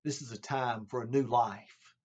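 A man voicing a Roman soldier husband who complains loudly about a tiresome guard duty. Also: high voice, sing-song, measured pace, husky, pitched above the performer's own voice, exaggerated voice. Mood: awed. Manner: exasperated complaining, raised voice. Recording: dull lo-fi sound.

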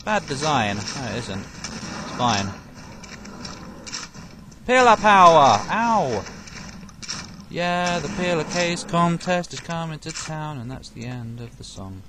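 A man's voice: on the high side, expressive, measured pace. A young man doing let's play commentary, sarcastic, talking to enemies and swearing and yelping when hit. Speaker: gaming commentator. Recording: noisy game background.

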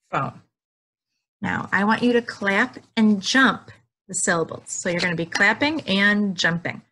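A woman's voice: mid-range voice, a bit bright. A woman teaching young children from her couch at home, drawing out words and cheering them on in a sing-song way. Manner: slow, drawn-out words with sing-song prompts. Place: living room at home.

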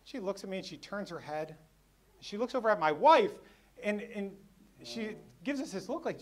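A man's voice: sits high, expressive, moderate pace. Man telling a personal story from the stage. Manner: emotional, quietens for sad parts. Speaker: keynote speaker at a luncheon. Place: banquet hall.

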